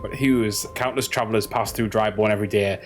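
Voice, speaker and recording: A man's voice: lowish voice, fairly even intonation, a little fast, soft background music, natural voice. A man reading out an earnest male investigator. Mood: steady. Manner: reads quest dialogue aloud, stumbling on words.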